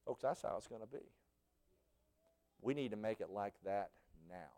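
A male preacher, giving a sermon full of stories. His voice drops low and then bursts out in shouts. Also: moderate pace. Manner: storytelling, swings from hushed to shouting.

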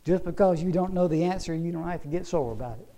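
A man's voice: a little high, fast, dark tone, slight background noise, lightly acted. A man giving a dry, unbothered elephant. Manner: dry punchline delivery. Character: calm unbothered bull elephant.

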